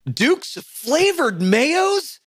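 A man's voice: extremely high pitch, big pitch swings, extremely slow, dry recording, clean studio sound. A man co-hosting a podcast, bantering in a profane, mock-outraged way. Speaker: podcast co-host. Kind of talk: casual banter.

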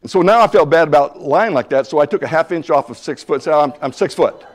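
A man's voice: a little high, lively intonation, fast. Older man teaching, folksy storyteller. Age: 70s. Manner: storytelling, acting out both sides of a dialogue; folksy and humorous, with frequent restarts. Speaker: church Bible class teacher. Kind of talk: conversational sermon lesson.

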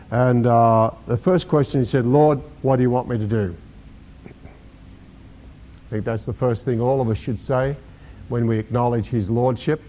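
A man's voice: mid-range voice, a little mellow. An older man preaching a sermon, emphatic, repeating key words and acting out the scripture he quotes. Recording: dull lo-fi recording.

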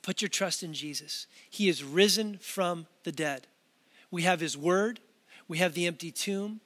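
High-voiced man preaching to camera. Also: a little slow, fairly bright tone. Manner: conversational and earnest, with frequent restarts and asides. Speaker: pastor. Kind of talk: sermon delivered to a camera.

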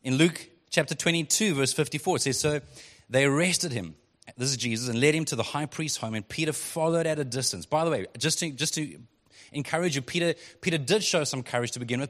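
A male pastor preaching a sermon in a relaxed, conversational way, reading scripture and breaking into quick acted quotes. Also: a little high. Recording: long hall reverb.

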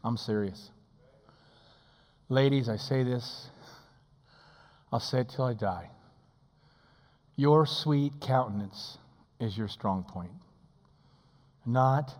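A male pastor preaches with a fairly high voice that rings through a long hall reverb. He swings from shouting down to hushed, close tones and acts out quotes with playful voices. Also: sing-song, measured pace, pauses often. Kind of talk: sermon.

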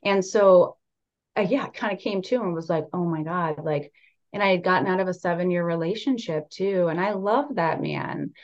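Candid young woman guest, low voice. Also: moderate pace, muffled recording. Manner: candid, animated, many fillers like "like" and "right". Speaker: podcast guest. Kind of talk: casual conversational storytelling.

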